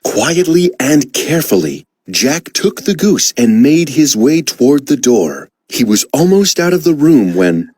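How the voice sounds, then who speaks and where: A woman narrates a children's storybook with dramatic emphasis. Her slow delivery rises and falls a lot, and her voice is breathy. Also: rumbling low, big pitch swings, a little mellow.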